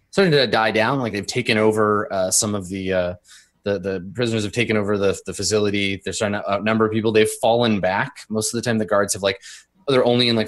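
A man's voice: fairly low pitch, a bit bright. A man running a tabletop role-playing game as game master, narrating scenes with frequent ums and uhs.

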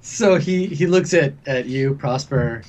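A man's voice: mid-range voice, a little slow, darkish tone. A man narrating a tabletop game as game master, in loose, laughing speech.

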